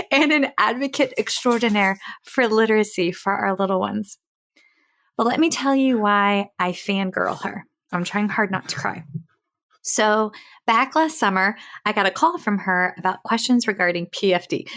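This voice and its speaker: A woman's voice: medium pitch, moderate pace, creaky. Effusive woman podcast host. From South Carolina. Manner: effusive, laughs often, animated and emotional. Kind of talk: enthusiastic interview chat.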